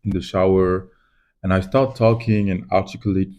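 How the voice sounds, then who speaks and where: A man's voice: low-pitched, steady tone, normal speed, a little mellow. A man rambling reflectively in a casual to-camera vlog while doing crafts at home. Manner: rambling, reflective, self-mocking. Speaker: vlogger.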